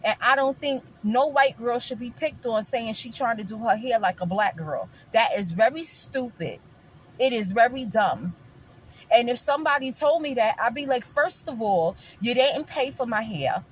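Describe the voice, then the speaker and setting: This woman vlogger, a New Yorker with the accent to match, talks at a moderate pace in a voice on the high side, with slight hiss or hum. Casual and opinionated, she keeps calling her viewers guys and hammers her points emphatically, repeating herself.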